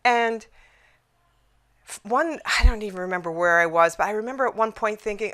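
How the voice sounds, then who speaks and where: A woman's voice: medium pitch, normal speed, pauses often, bright, forceful tone. A middle-aged woman giving a conference talk about resolving conflicts, telling her story reflectively, with restarts and fillers.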